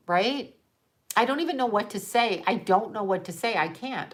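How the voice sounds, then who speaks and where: A woman's voice: mid-range voice, expressive, normal speed. A woman livestreaming a rambling casual monologue to her viewers, exasperated and profane, trailing off into rhetorical questions and laughing in disbelief. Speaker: livestream host talking to viewers.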